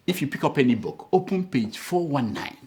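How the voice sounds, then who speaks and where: A man's voice: on the high side, lively intonation, brisk, darkish tone. A man hosting a satirical comedy show, teasing and playful, with big exaggerated interjections. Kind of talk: comic banter and commentary.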